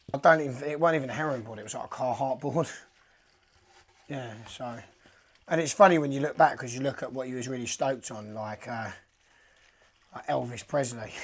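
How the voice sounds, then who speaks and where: A young man, a pro skateboarder, telling rambling anecdotes casually and swearing freely. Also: mid-range voice. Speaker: professional skateboarder. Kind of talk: casual storytelling interview.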